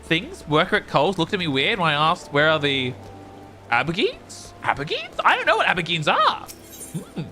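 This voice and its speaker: A man's voice: high-pitched, wildly swooping pitch, fairly quick, sharp tone. An Australian man streaming a game, chatty and giggly, rambling as he plays. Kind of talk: casual gaming commentary. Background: game music.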